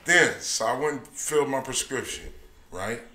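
A man hosting a podcast, telling a story in a profane, animated way and laughing often. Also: mid-range voice, moderate pace, reverberant. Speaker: podcast host. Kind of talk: casual storytelling.

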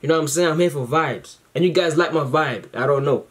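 This reaction-video host is a man whose fairly high voice comes out brisk, with background noise behind him. He chats casually and ramblingly to the camera, full of slang and fillers, excited and grateful.

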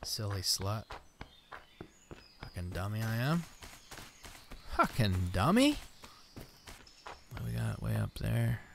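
Low-voiced man swearing through gameplay. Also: fairly even intonation, moderate pace, long pauses. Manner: swears often, talks to himself and viewers. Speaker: gameplay commentator. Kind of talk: let's play commentary. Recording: with clear background noise.

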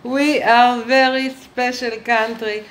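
A woman playing a pompous state spokeswoman who lectures children in a slow, patronizing satirical monologue that spits out "tfu". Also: on the high side, steady tone, lightly acted. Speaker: satirical character.

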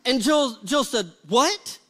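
A high-pitched male pastor, middle-aged, spinning a comic story from the pulpit. He talks animatedly and acts out each quoted line, swinging between hushed asides and loud bursts. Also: normal speed. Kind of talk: storytelling sermon.

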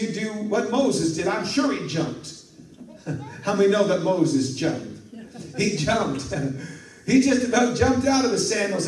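Man, pastor, sermon, storytelling, high voice, very echoey church hall, faint room hum. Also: darkish tone, recorded from a distance. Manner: storytelling, acting out dialogue, chuckling asides. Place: church sanctuary.

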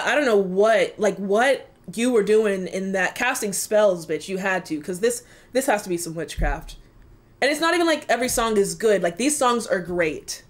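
A young woman chatting casually and excitedly as she reacts to an album at home. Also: mid-range voice. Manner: excitable, squealing, laughing. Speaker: music reaction YouTuber.

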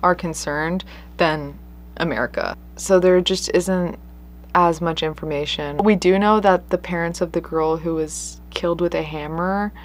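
A woman's voice: lowish voice, fairly even intonation, unhurried. A woman hosting a true crime show, telling a case in an earnest, conversational way with emphatic stresses. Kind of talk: casual true crime storytelling.

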